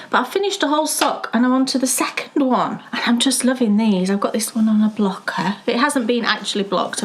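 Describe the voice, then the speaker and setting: A woman chats casually as co-host of a knitting show. She talks with eager enthusiasm, agreeing often, in a slightly high voice. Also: a little hiss or hum. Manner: chatty, enthusiastic, quick to agree. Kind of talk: casual chat.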